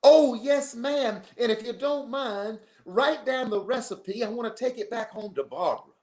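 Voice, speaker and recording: A man imitating a polite Southern gentleman coach who eagerly accepts more food. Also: very high-pitched, lively intonation, moderate pace, pitched above the performer's own voice. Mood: delighted. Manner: courteous, eager.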